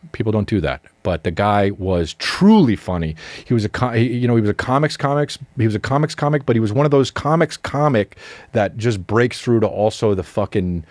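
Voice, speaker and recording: Low-voiced man, earnest and reflective. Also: a little mellow, no echo. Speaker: comedian. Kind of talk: casual interview.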